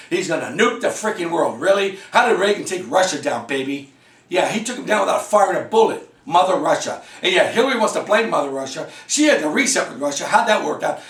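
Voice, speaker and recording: A man giving a heated political rant as a vlog host, talking fast and swinging his pitch all over. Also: fairly bright tone, reverberant, recorded from a distance. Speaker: political commentator. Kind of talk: ranting political monologue.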